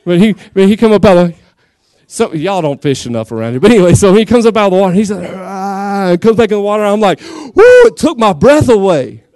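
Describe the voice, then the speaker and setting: Man, Southern accent, pastor, high voice, dry close sound, lively sermon. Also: quick pace, dry recording. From Texas. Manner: lively, shouts and drawls phrases to the congregation. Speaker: guest pastor. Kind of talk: Pentecostal sermon. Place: church.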